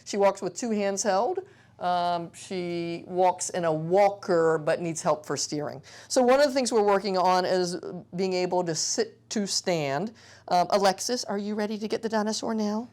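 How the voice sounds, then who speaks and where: A woman's voice: mid-range voice, moderate pace, a little mellow. A woman pediatric physical therapist explaining an exercise and playfully coaxing a young child. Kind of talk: instructional demonstration.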